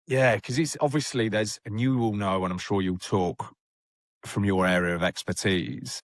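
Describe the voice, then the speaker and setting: A young man tells his story plainly and candidly, his voice sitting low. The sound is dry and close, with little room in it. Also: fairly even intonation, moderate pace, no echo. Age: young adult. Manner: candid, plain-spoken, full of fillers. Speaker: rehab client guest. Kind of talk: casual storytelling.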